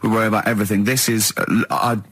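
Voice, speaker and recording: A man's voice: lowish voice, level tone, racing, a bit bright, no room sound. A man hosting a radio show in casual chat, rambling and stammering with bursts of giggles. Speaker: radio host. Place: radio studio.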